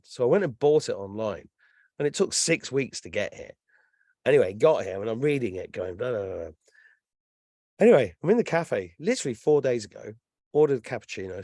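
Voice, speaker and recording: An English man in his fifties, telling stories in a casual chat as a guest, animated and swearing freely. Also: mid-range voice, no room sound, clean studio sound. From England. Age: 50s. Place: lives in Ireland.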